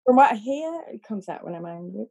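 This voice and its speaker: Spanish woman, Scottish-tinged accent, podcast guest, soft husky mellow voice, laughs a lot. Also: mid-range voice, very animated, brisk. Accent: Spanish with a Scottish lilt. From Spain. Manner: laughs often, rambling with restarts. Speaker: podcast guest, focus puller. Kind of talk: casual interview chat.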